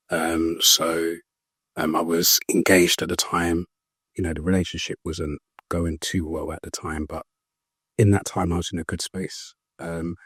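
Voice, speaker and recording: A young man with a deep, slightly husky voice tells his story as an interview guest. He speaks earnestly, step by step, padding his sentences with ums and starting over. The sound is close and dry. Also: no echo. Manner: hesitant, full of ums and restarts. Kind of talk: personal story in a conversational interview.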